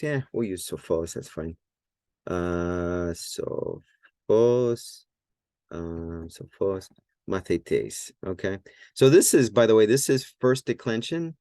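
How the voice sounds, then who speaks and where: A man with a very low voice teaching a language lesson at a whiteboard. He talks in a relaxed way, thinking aloud and often restarting his words. The sound is close and dry. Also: no echo. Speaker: Greek teacher.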